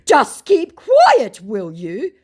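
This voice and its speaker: A woman's voice: high voice, huge pitch swings, very slow, dark tone, voice pushed up, full character voice. A woman voicing an indignant male online scammer who answers in a haughty, dismissive way. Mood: huffy.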